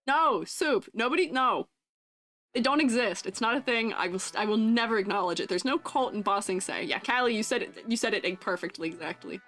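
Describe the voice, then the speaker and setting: A woman's voice: on the high side, expressive, normal speed, fairly bright tone, soft background music. A young woman streamer and art teacher chatting casually with her viewers, teasing and laughing often.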